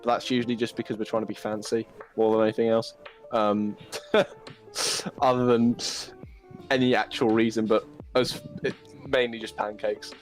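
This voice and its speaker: A man with a British accent, a podcast guest chatting casually with quick asides. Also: fairly low pitch, flat delivery, faint music behind, poor audio. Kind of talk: casual livestream chat.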